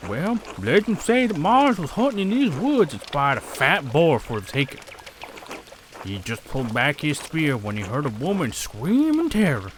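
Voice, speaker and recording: A gruff older village charcoal burner, as a man voices him spins folksy tales in a put-on rustic voice that swings up and down in pitch. A faint noise floor sits under the read. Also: big pitch swings, moderate pace. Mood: storytelling.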